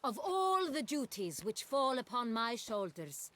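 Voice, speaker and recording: An actress playing a gracious, regal duchess in a video game, speaking in a stately, measured way. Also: female voice, on the high side, big pitch swings, a bit bright.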